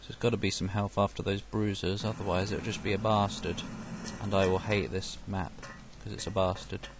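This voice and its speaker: A young man gives sarcastic let's play commentary in a low, flat voice, talking fairly quickly. He talks to enemies, swears, and yelps when hit, over a noisy game background.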